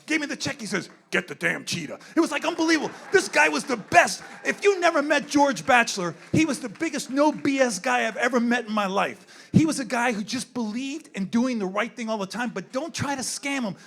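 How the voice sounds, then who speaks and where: High-voiced older man, rambling gala speech. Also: expressive, brisk, gravelly, few pauses, a bit bright. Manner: rambling, candid, repeats himself. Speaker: zoo wildlife worker speaking at a gala. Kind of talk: off-the-cuff event speech. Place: indoor event room.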